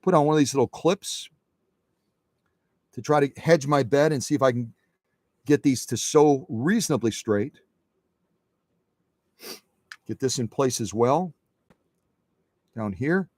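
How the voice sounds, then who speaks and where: A man hosts a live sewing demonstration, talking viewers through each step in a relaxed, folksy way. His voice sits in a middle range and sounds dry and close, with no room echo. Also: medium pitch, unhurried, pauses often. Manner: chatty, folksy, reads viewer chat. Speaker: sewing machine restorer hosting a livestream.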